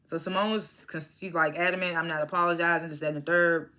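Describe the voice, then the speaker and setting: In a casual recap vlog, a woman reviewing a TV drama talks fairly quickly in a slightly low but bright, forward voice. She retells the episode with animation, slipping into characters' dialogue and laughing frequently.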